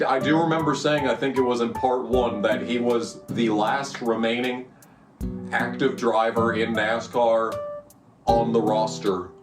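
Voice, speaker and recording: A man doing let's-play commentary on a racing game, swearing freely and reacting loudly to every turn of the race. His voice sits in a mid range and sounds roomy and a little distant from the mic. Faint guitar music plays softly underneath. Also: fairly low pitch. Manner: excitable, profane, shouts during the race; grumbling, frustrated rant. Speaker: gaming YouTuber.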